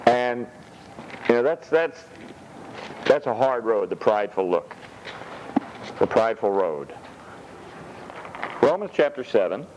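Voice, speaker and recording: A male pastor preaching a sermon in an animated way, dropping frequent amens. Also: medium pitch, slow, pauses often, highs cut off, noisy background. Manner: animated, punctuates with "amen".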